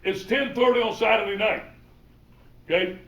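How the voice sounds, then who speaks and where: Cajun coach, male, high voice, animated storyteller acting out quotes, in an echoey room heard from across it. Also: moderate pace, creaky, highs cut off. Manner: animated, acts out quoted dialogue. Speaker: football coach giving a presentation. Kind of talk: motivational storytelling talk. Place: presentation room. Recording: roomy hall, mic from far off.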